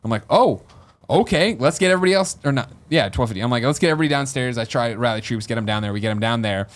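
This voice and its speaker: A man in his thirties tells a story on a podcast, talking very fast at an ordinary middle pitch. He acts out the voices of the people in his story with lively, animated delivery. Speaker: podcast host. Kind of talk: casual storytelling.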